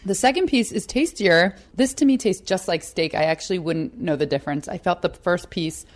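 Playful low-voiced woman in a kitchen. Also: a little fast. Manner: playful, teasing. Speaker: home cook. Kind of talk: casual cooking chat. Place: home kitchen, indoors.

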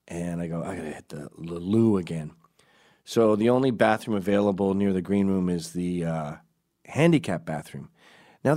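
Middle-aged male storyteller, deep-ish voice, dry crude humor with muttered asides. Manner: deadpan crude storytelling with sudden quiet asides. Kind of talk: comic anecdote.

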